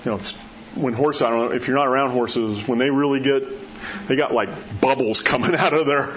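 Folksy preacher man, soft hushes. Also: medium pitch, brisk, highs cut off, a little hiss or hum. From New Mexico. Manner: folksy storytelling, drops to a soft hush at key words. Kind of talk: sermon.

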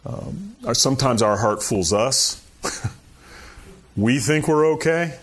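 A man's voice: medium pitch, animated, takes it slowly, slightly rough. A man preaching a sermon in a conversational, folksy way, often saying "you know" and chuckling. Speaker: pastor.

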